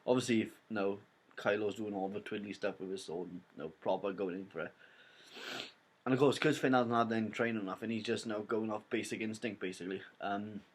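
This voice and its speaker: A man's voice: on the low side, fairly even intonation, a little fast, husky. A young man with a Welsh accent casually retelling a film plot in a rambling spoiler review, full of "like" and "basically". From Wales.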